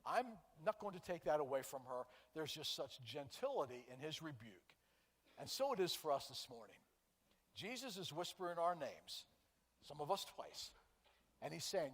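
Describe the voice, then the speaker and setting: A man preaching as pastor, earnest and conversational, sometimes dropping to a soft prayerful tone. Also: high voice, big pitch swings, moderate pace. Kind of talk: sermon. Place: church sanctuary. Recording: church hall with long reverb.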